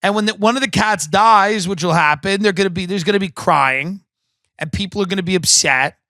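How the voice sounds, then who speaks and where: High bright-voiced man ranting. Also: fairly quick, dry recording. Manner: profane, emphatic ranting. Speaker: podcast host. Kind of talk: comedic podcast rant.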